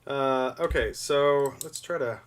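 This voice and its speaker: A man's voice: medium pitch, slow pace. A man in his thirties hosting a casual livestream, chatting in a rambling way while explaining hands-on repair steps. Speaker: livestream host doing figure repair. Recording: voice a bit far from the mic.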